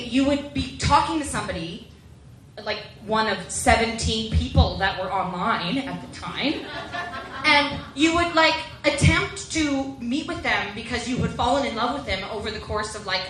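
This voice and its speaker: A woman's voice: on the high side, a bit bright, echoey room, far from the mic, slight background noise, poor audio. A young woman performing a chatty, self-deprecating stand-up comedy set and acting out the voices she quotes.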